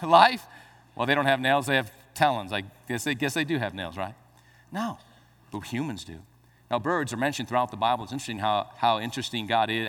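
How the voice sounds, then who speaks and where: A man preaching a sermon as pastor, swinging between quiet explanation and rising exclamations, with playful asides to the congregation. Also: medium pitch, long reverb tail.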